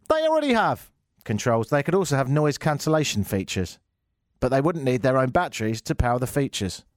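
A man's voice: medium pitch, dry recording, studio quality. A man hosting a comedy show, ranting sarcastically about tech news and mocking it with silly voices.

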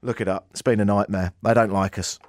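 A man's voice: lowish voice, steady tone, fairly quick, dry recording, studio quality. A man with an English accent hosting a radio show, telling a rambling, self-mocking story in a casual, joking way. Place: radio studio.

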